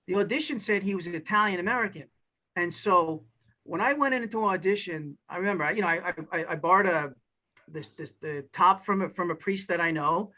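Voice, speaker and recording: A man with a New York accent and a fairly high, bright voice chats as a podcast guest. He tells stories with energy, restarting his sentences as he goes. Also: fairly quick, low-quality recording. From New York / New Jersey area. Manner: animated storyteller, many restarts. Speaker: actor guest. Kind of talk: casual podcast interview.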